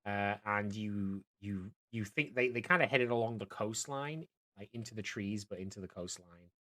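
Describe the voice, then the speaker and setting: A young man narrating as dungeon master of a tabletop game, halting and full of fillers. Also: on the low side, bright, forceful tone. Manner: hesitant, many fillers and restarts.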